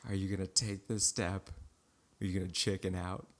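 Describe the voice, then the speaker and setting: A young man co-hosting a podcast, chatting casually, telling stories in an animated way and laughing often. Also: deep voice, normal speed. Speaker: podcast co-host. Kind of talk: casual chat.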